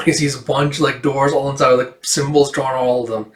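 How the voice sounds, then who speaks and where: A man's voice: medium pitch, level tone, brisk, echoey room. A man casually retelling a comic book, filling his talk with "like". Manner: casual, many fillers like "like". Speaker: comic reader.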